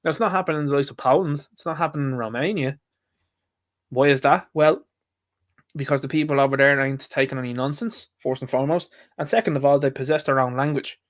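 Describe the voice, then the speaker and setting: A man's voice: mid-range voice, fast. An Irish man hosting a solo commentary show, rambling and opinionated as he reads out headlines and riffs on them. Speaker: show host.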